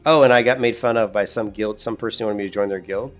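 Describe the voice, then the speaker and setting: A man's voice: on the low side, fairly even intonation, fast talker, faint music behind. Rambling, profane middle-aged man streaming games. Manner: rambling, profane, laughs at his own stories. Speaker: gaming streamer. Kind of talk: casual chat while streaming gameplay.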